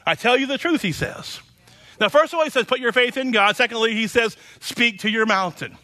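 A man's voice: very high-pitched, a little fast, sharp tone. A man preaching a sermon as pastor, emphatic and repetitive, often tossing in "you know".

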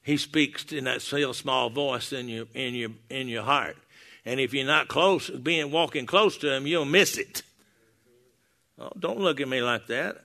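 A man's voice: mid-range voice, measured pace, gravelly, sharp tone. An older man preaching a sermon to a congregation in a church, telling folksy stories with many restarts, on a clip-on mic. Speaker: pastor. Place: church hall before a congregation. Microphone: wearing a lapel mic.

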